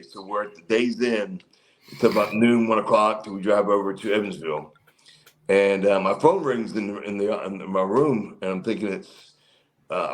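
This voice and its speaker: A man's voice: fairly low pitch, low-quality recording. A man in his fifties, a former pro wrestler, telling stories as a guest in an interview. He rambles with fillers and restarts, and acts out the people he quotes in a livelier voice. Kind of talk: casual storytelling in an interview.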